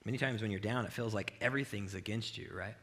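A man's voice: lowish voice, fast, fairly bright tone, slight background noise. A male pastor giving a conversational sermon in a church, with frequent rhetorical "right?" asides. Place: church with video cameras.

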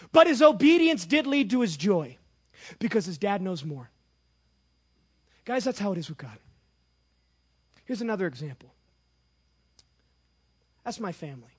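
A man in his thirties preaching a sermon with a personal story, animated and swinging from hushed asides to shouting. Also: extremely high pitch.

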